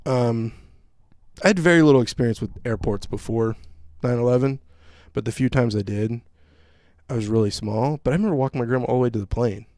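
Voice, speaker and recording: A male podcast host telling a story in casual chat, with a profane, animated ranting manner. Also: mid-range voice, a little fast, no echo, studio quality.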